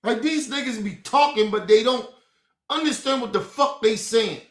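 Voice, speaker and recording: A man in his forties vents in a heated, profane rant full of street slang. His voice sits fairly high for a man. The room around him is echoey. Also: normal speed, fairly bright tone. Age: 40s. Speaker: host.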